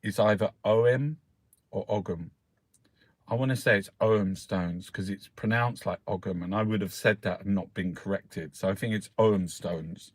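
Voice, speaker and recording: A man's voice: sits low, fairly even intonation, moderate pace, few pauses, dry recording. An Irish man hosting a casual newspaper review, rambling and swearing freely as he talks. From Ireland. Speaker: host.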